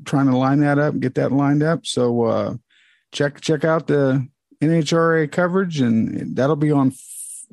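A man co-hosting a casual motorsport chat, talking in halting stretches and restarting often. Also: mid-range voice, creaky, darkish tone, no echo. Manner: halting, restarts often, plugs his website. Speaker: motorsport podcast co-host. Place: home, with dogs.

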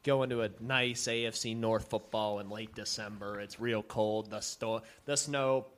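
A man's voice: fairly low pitch, level tone, moderate pace, a bit bright. A young man co-hosting a podcast, rambling and hedging in a casual, slangy way. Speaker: podcast co-host. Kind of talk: casual chat.

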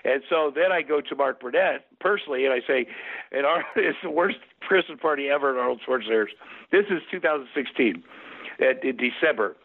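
A man telling a long story as an interview guest, rambling and lively, with many restarts and quoted exchanges. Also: medium pitch, fairly quick. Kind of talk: animated storytelling. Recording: phone-like narrow sound.

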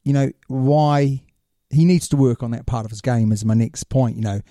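A man co-hosts a relaxed podcast, talking in a very dark, mellow voice. He chats loosely, laughs easily and lets sentences trail off. The sound is dry and close. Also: mid-range voice, moderate pace, no echo. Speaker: podcast co-host. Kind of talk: casual chat.

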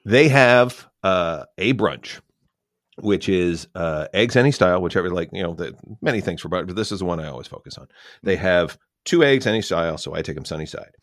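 A Canadian man co-hosting a podcast, telling a relaxed, rambling story with fillers and casual swearing. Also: deep voice, fairly quick, no echo, studio quality. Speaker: podcast co-host. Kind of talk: casual chat.

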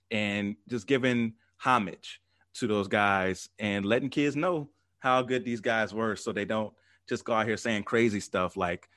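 A man hosting a podcast, talking sports in a laid-back, chatty way and laughing easily. His voice sits a little low, and it comes through a close, dry mic with no room sound. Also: a bit bright, dry recording. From Arizona. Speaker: podcast host. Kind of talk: casual sports podcast chat.

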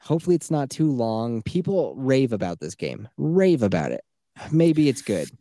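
A man's voice: medium pitch, sing-song, normal speed, vocal fry, mellow, no room sound, clean studio sound. A man co-hosting a podcast, telling stories in a loose, profane way and slipping into quoted voices. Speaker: podcast co-host. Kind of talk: casual chat.

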